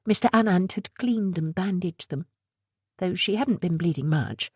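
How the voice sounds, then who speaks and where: A woman narrating a thriller audiobook in a steady, even reading voice. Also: lowish voice, normal speed, slightly rough, no echo, clean studio sound. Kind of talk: scripted narration.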